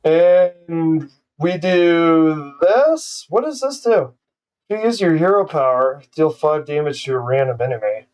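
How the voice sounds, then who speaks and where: A man's voice: on the high side, animated, measured pace, a little mellow, recorded from a distance. A man streaming a card game live, ranting and swearing in profane trash talk at his opponent. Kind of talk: live gameplay commentary.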